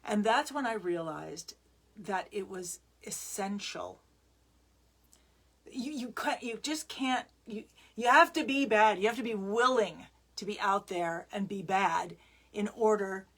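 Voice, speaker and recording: A woman's voice: medium pitch, unhurried, fairly bright tone. A woman musician chatting to the camera, telling a story with lots of fillers and restarts.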